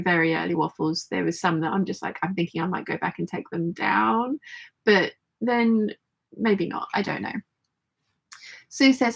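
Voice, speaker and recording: A woman hosting a casual sewing vlog, chatting brightly with many restarts as she reads out viewer comments from her sewing room at home. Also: medium pitch, vocal fry, husky. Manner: chatty, bubbly, with frequent restarts. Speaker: sewing vlogger host. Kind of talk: casual live chat reading viewer comments.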